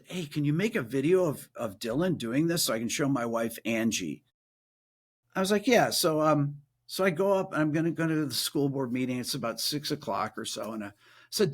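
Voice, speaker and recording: On a podcast, a guest musician and producer tells a story casually, his voice carrying a breathy edge. He acts out quoted voices by raising his pitch.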